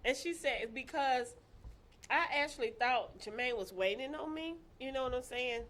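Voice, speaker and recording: Laughing and lively, a woman recounts something from her own life in casual conversation, imitating the voices of people she quotes. Her voice sits high at a normal speed, over a slight hiss or hum.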